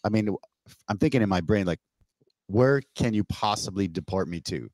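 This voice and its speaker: A man from Canada tells stories over a remote call in a very deep voice, close and dry with no room sound. He talks casually and lets his voice jump up when he acts out what people said to him, swearing along the way. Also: fairly quick, no echo. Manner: animated, swears, acts out quoted exchanges with rising pitch. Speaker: podcast guest. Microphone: remote call mic.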